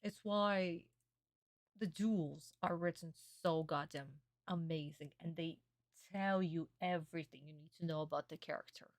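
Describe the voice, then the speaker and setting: A young woman streamer in a casual reaction stream, excitable and gushing, swearing often. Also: deep voice, unhurried, no echo, clean studio sound.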